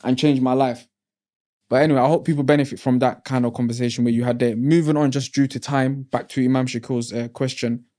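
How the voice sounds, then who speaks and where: A man's voice: mid-range voice, fairly even intonation, quick pace, few pauses, dark tone. A man hosting a casual interview, talking in a reflective, preachy way with street slang. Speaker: podcast host.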